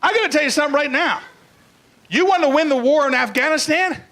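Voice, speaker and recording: A man's voice: very high voice, quick pace, pushed and bright, poor audio. An older man doing a crude, blunt stand-up comedy routine, acting out bits in put-on voices.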